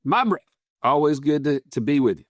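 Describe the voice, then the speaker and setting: A man's voice: a little high, expressive, fairly quick, dry recording, studio quality. A man co-hosting a finance podcast, upbeat and joking, who builds his points step by step. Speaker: podcast co-host.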